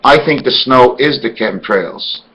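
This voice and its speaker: A man's voice: mid-range voice, a little slow, muffled recording. A man delivering an emphatic, rambling monologue full of rhetorical questions. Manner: spells words out letter by letter. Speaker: video blogger.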